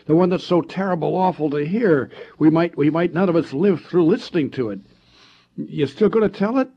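A man's voice: on the high side, lively intonation, moderate pace, gravelly, highs cut off, slight background noise, pitched above the performer's own voice. A man voicing a cocky young boy who taunts and challenges the others. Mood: taunting. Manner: teasing, taunting.

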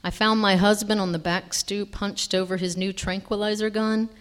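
A woman's voice: medium pitch, moderate pace, smooth. A woman reading a story aloud. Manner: expressive, with small self-corrections.

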